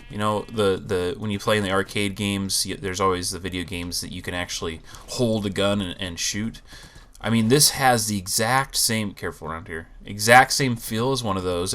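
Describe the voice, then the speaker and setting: A man hosting a gaming channel, talking through gameplay in a relaxed, rambling way, with a low morning voice. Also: normal speed. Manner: relaxed, rambling, thinks aloud. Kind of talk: casual gameplay commentary.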